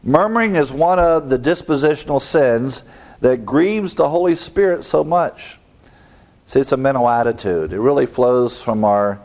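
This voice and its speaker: A man of middle pitch preaches an expository sermon. He teaches as he goes, unpacking word meanings and posing rhetorical questions, and lets out a small chuckle now and then. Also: darkish tone. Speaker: pastor.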